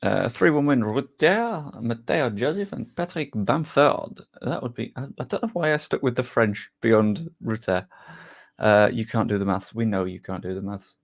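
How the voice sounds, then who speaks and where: A man's voice: mid-range voice, lively intonation, normal speed, creaky. A young man, chatting casually to his live-stream viewers before a football match, reading chat aloud and joking at his own expense. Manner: chatty, self-deprecating, reads chat aloud.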